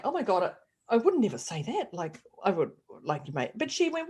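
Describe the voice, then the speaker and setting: A woman co-hosting a casual podcast chat, animated and acting out the voices in her stories. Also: fairly high pitch, fairly quick, slightly rough. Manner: animated storyteller, acts out quoted voices. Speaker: podcast co-host.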